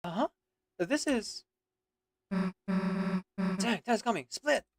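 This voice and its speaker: Playful high-voiced male streamer. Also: animated, very slow. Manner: playful, goofy, voices characters. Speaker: streamer playing a story game. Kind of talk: casual game commentary and dialogue read-aloud. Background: game music.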